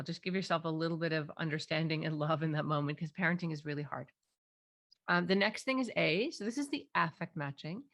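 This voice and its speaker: A woman's voice: sits low, lively intonation, a little fast, vocal fry, a bit bright. A middle-aged woman, a parenting clinician, explaining techniques in an interview and animatedly acting out parent and child voices.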